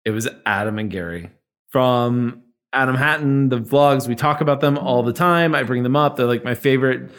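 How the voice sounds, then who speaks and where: Man, podcast co-host, casual chat, animated storytelling. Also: medium pitch, normal speed. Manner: animated storytelling, acts out quotes.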